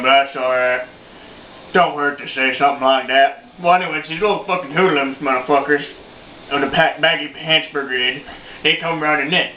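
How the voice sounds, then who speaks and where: A man's voice: medium pitch, a little hiss or hum, lightly acted. A man playing a foul-mouthed, boastful old redneck in his sixties, telling a rambling, profane story as a comedy monologue. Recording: roomy, dull lo-fi home video.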